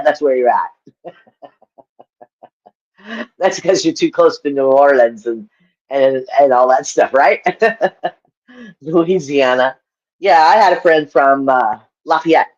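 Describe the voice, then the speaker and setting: A woman's voice: low voice, highs cut off. A woman hosting a livestream, chatting casually with her viewers, laughing often as she answers their comments. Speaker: livestream host.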